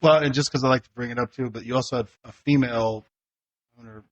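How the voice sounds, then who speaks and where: A man's voice: medium pitch, fairly even intonation, fast, no echo, lo-fi sound. A middle-aged man hosting his podcast, prompting his son's stories with short, profane interjections in casual chat. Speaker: podcast host, former police officer.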